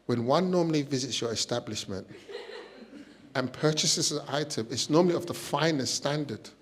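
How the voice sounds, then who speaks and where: A man voicing his posh friend, a prim, refined English woman speaking softly and properly. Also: extremely low pitch. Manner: soft, slow, overly refined diction.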